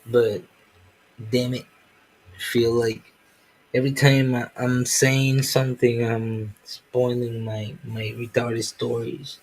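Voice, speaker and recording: A man's voice: mid-range voice, level tone, slow, a bit bright, husky, poor audio. A man who makes comics, chatting casually on a live stream in a rambling, profane and self-mocking way. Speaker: comic artist.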